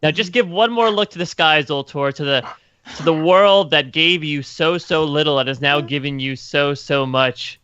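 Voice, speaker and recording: A man playing a tabletop game, narrating his character's actions with dramatic, halting speeches. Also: a little high, bright, forceful tone, clean tone, dry recording. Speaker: player. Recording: dull lo-fi, dry.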